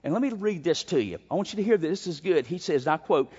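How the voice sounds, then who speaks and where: High-voiced preacher in an echoing hall. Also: male voice, lively intonation, fast talker, darkish tone, breathy edge. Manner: emphatic, frequent repeated starts. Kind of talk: expository sermon. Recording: dull sound in a long-reverb hall.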